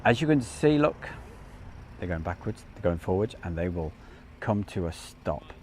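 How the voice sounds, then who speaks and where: Midlands-accented male stream host, casual and self-deprecating, animated delivery. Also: deep voice, normal speed, slight background noise. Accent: English Midlands. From English Midlands. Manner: chatty, rambling, self-deprecating. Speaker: livestream host. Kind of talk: casual live commentary.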